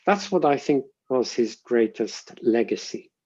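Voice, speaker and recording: A man, a linguistics professor, giving measured, reflective answers in an interview and often pausing to rephrase. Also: medium pitch, lively intonation, mellow, husky, lo-fi sound.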